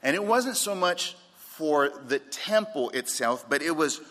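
A man's voice: a little high, animated, unhurried, a bit bright. A man preaching a sermon as pastor, repeating his key points and telling light anecdotes, in a church sanctuary. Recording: long reverb of a large room.

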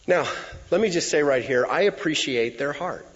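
Man, pastor, sermon, animated pitch, long reverb of a large hall. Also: normal speed, slightly rough. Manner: expressive preaching with emphatic asides. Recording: reverberant hall, dull lo-fi sound.

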